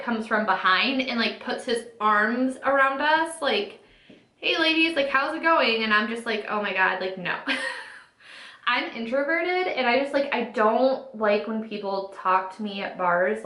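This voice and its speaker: Sitting at her makeup setup at home, a woman in her twenties tells a chatty storytime in a sharp, somewhat high voice at a measured pace. The room echoes; this beauty vlogger uses "like" nonstop and performs the quotes.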